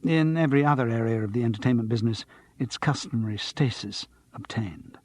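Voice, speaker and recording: A man narrating an audiobook in a measured, wry way. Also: mid-range voice, a little mellow, no echo. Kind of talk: scripted narration.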